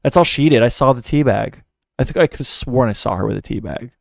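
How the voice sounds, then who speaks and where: A man's voice: medium pitch, a little fast, gravelly, dry recording. Incredulous man ranting in a dry booth. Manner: rambling, incredulous, swears freely. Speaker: streamer host. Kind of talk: casual reaction chat.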